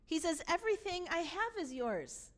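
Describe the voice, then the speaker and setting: Woman pastor, high voice, emphatic sermon delivery in a church. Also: very animated, moderate pace. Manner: emphatic, voicing the father's lines with rising force. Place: church sanctuary.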